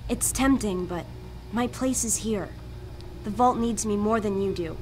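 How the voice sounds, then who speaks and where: An actress voicing a sincere, dutiful young woman in a video game, concerned and gently firm. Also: mid-range voice, a little slow, slightly rough. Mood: earnest.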